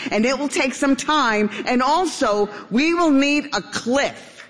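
A woman voicing a kind, thoughtful girl duck who speaks gently and reassuringly. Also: high voice, animated, takes it slowly, in a large hall, voice pushed up, heavily acted. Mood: confident.

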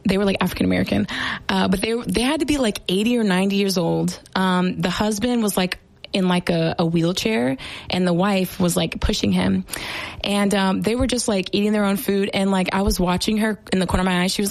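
Young woman on the radio chatting away, upbeat, lots of likes and ums, kinda gravelly, dry close mic. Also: mid-range voice, fairly quick, dry recording, poor audio. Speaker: radio host. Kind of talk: casual radio chat.

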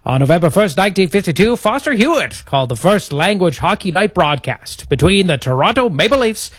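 A man putting on an old-timey radio announcer voice, reading dates and names in a high, bright delivery. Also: very animated, brisk, husky, no echo, exaggerated voice. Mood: announcing.

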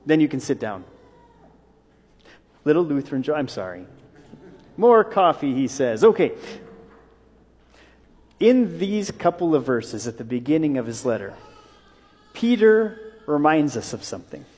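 A man's voice: mid-range voice, big pitch swings, unhurried, pauses often, dark tone, slightly rough. A man, a pastor, preaching a conversational sermon with small jokes and asides. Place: church. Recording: long reverb of a church hall.

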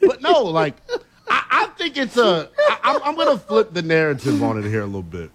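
A man hosting a sports talk radio show, emphatic and quick to laugh as he argues his takes. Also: high voice. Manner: animated, emphatic, laughs easily.

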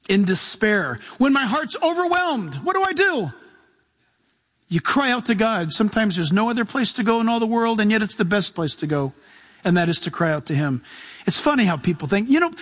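A male pastor preaches with lively energy, his voice sitting notably high for a man. He slips into little acted voices and loud bursts. The sound rings with a long hall reverb. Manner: animated preaching, acting out voices and shouts. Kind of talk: sermon.

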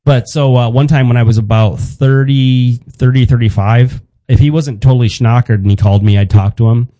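A man in his fifties tells a story in relaxed conversation, restarting sentences with wry humor. His voice is warm and dark, recorded dry and close with no room sound. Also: mid-range voice, brisk, dry recording, low-quality recording. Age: 50s. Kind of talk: casual storytelling chat.

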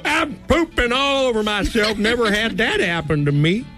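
A man putting on a high Southern twang. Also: animated, moderate pace, pushed and bright, faint music behind. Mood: mock dramatic.

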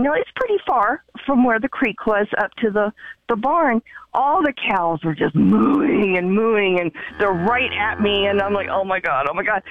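A woman calling in to a show and telling a story in a chatty, animated way with many fillers, heard over the phone. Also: medium pitch, dry recording. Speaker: caller. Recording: muffled phone line.

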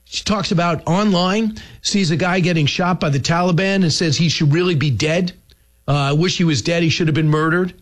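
A man hosting a talk show, giving combative, opinionated political commentary with sarcastic asides. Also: high-pitched. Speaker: radio host.

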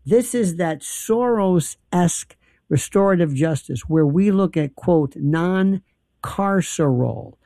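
A man's voice: high-pitched, unhurried, dry recording, clean studio sound. A man hosting a talk radio show, telling opinionated stories and acting out the people he quotes. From New York. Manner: animated storytelling, acts out quoted people.

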